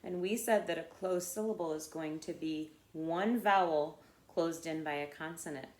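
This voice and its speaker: A woman's voice: low voice, moderate pace, a little mellow, reverberant. A woman teacher giving a patient phonics lesson to children, often checking in with "okay?" and "right?".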